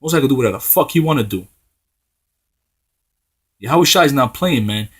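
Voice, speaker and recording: A man delivering a profane, heated street-style sermon, tagging "man" onto his phrases and reading scripture slowly in old-style wording. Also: medium pitch, lively intonation, breathy edge. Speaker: preacher.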